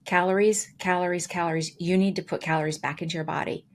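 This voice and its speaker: A woman co-hosting a podcast, casually telling a story with lively, acted-out quotes. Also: on the low side, fast. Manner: animated, acts out quoted dialogue with voices. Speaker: podcast co-host.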